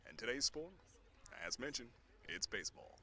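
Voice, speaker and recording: A man doing live baseball play-by-play outdoors on a boom mic, keeping his voice hushed like a golf commentator. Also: big pitch swings, moderate pace. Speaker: sports commentator.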